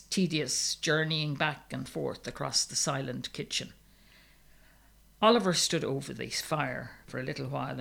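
Gravelly male storybook narrator. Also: a little high, a bit bright. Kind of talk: audiobook story reading.

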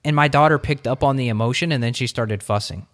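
A man hosting a podcast chats in an animated, storytelling way. His voice sits at an ordinary middle pitch. He talks with plenty of expression as he tells his stories. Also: fast. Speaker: podcast host. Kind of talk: casual interview chat.

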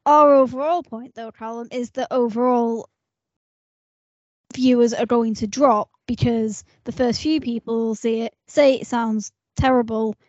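A woman co-hosting a casual chat, making her points in a measured way. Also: fairly high pitch, fairly even intonation, darkish tone, no echo. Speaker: podcast co-host. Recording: dry lo-fi audio.

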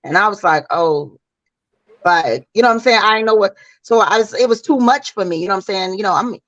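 A woman's voice: medium pitch, brisk, fairly bright tone, no echo. A woman guest on a podcast, chatting casually and animatedly, exclaiming and repeating herself as she reacts. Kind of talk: casual chat. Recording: dull, dry lo-fi audio.

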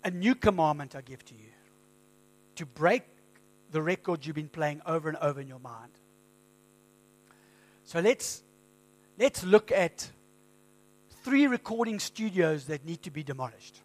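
A man preaching a sermon as pastor, in a conversational storytelling manner with lively quoted asides. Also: a little high, unhurried, pauses often. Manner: conversational storytelling, animated quoting.

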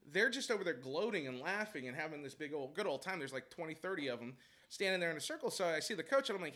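Bright, animated storytelling man. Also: fairly high pitch, quick pace. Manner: animated, profane, laughs while telling. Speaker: girls' basketball coach. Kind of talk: casual storytelling chat.

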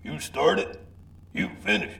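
A man's voice: measured pace, bright, forceful tone. A man voicing a brash, exasperated buddy who swears bluntly and talks back to the host.

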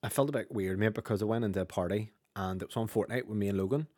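A man's voice: lowish voice, a little mellow, no echo, clean studio sound. A man with a Northern Irish accent co-hosting a gaming podcast in casual, sweary banter. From Northern Ireland. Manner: rapid, chatty, sweary banter. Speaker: podcast co-host.

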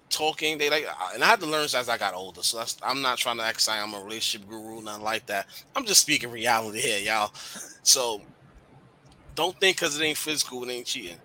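A man's voice: mid-range voice, bright, forceful tone. A young man hosting a casual podcast, talking bluntly about relationships with lots of slang and swearing. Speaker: podcast host.

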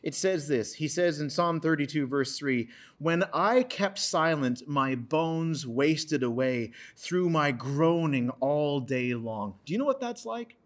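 A man preaching an earnest sermon, retelling a scripture story and reading verses aloud with dramatic pauses. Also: fairly high pitch, lively intonation. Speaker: pastor.

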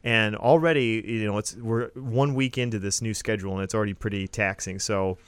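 Smooth-voiced podcast co-host, lower pitch. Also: male voice, brisk, no room sound. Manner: upbeat, laughs easily. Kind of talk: casual chat.

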